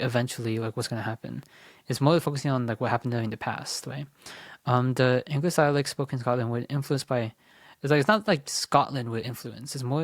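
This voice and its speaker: A young man tutoring test prep, working through a timed practice test out loud in a casual, rambling way, with lots of "like" and self-corrections, sometimes muttering as he reads. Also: medium pitch, dry recording. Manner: mutters while reading questions under his breath.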